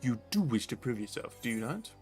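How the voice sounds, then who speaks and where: A man's voice: mid-range voice, sing-song, darkish tone, soft background music, natural voice. Man reading as a stern forest officer. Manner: slow, measured, formal reading.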